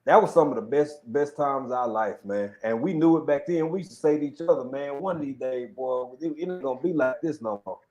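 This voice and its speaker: A man's voice: medium pitch, fairly quick, hardly any pauses, warm tone, muffled recording. A man hosting a casual chat show, laid-back and joking with slangy talk. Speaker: show host.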